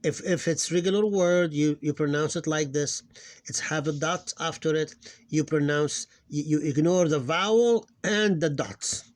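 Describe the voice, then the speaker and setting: A man teaching a casual recorded lesson, often hesitating, repeating words and slowing down to sound out syllables. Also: fairly high pitch. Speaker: Arabic teacher.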